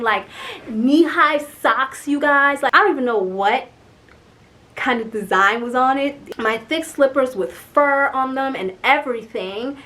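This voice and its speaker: Young woman, storytime vlog, casual, exasperated, lots of filler words, slightly high voice. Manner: animated, exasperated, swears and says "like" often. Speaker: vlogger telling a story.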